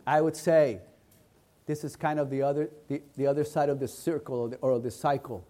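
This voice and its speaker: A man's voice: mid-range voice, fairly even intonation, fairly quick, mellow. A man preaching a sermon in an earnest, emphatic way, building his points through repeated phrases.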